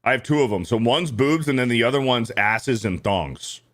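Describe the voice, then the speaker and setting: Man, mid-pitched voice, co-host, casual banter, joking, playful. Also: lively intonation, normal speed, fairly bright tone. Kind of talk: casual morning show banter.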